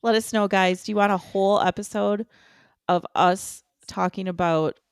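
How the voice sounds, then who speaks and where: An American woman co-hosts a casual fan podcast, telling her stories with animation and frequent laughter. Her voice sits at an ordinary middle pitch. The recording is dry and close, with little room sound. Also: fairly even intonation, moderate pace, smooth, no echo. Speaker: podcast co-host.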